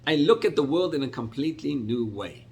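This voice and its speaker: Talking a little fast, a middle-aged rabbi teaches a Torah lesson through animated, expressive stories with sudden pitch jumps.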